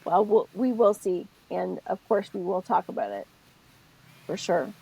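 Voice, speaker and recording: A woman with a husky, breathy voice talks through spiritual ideas in a relaxed podcast chat. She is expressive and thinks out loud, often breaking off to start her sentence again. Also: medium pitch, measured pace, low-quality recording. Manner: expressive, thinks aloud, self-interrupting. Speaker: podcast co-host.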